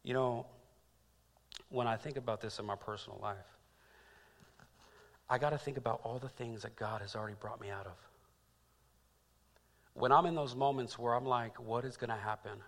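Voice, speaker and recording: A man preaching a sermon as pastor, dropping to quiet reflection and rising to loud, repeated calls. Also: medium pitch, fairly even intonation, moderate pace, creaky, long pauses, in a large hall. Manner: swings from hushed to loud and emphatic; repeats phrases for emphasis.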